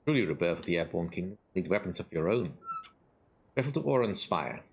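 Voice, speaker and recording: A man's voice: sits low, animated, fairly quick, vocal fry, darkish tone, slightly rough, heavily acted. A man reading aloud the lines of a grateful, friendly village leader from a game, in an earnest, encouraging way.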